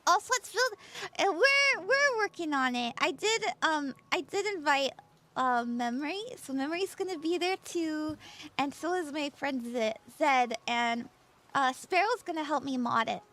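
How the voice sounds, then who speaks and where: A woman's voice: sits high, expressive, moderate pace, pushed and bright. A bubbly, giggly woman chatting casually with her livestream audience as a tarot reader, just woken up. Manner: bubbly, giggly, greets chat by name. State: just woke up.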